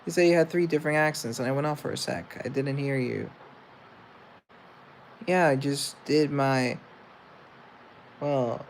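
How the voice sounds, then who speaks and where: A man's voice: medium pitch, a little slow, pauses often, a little hiss or hum, poor audio. A young man chatting casually in a vlog, rambling and making fun of his own efforts at accents. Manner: rambling, self-deprecating. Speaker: vlogger. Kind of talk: casual self-recorded chat.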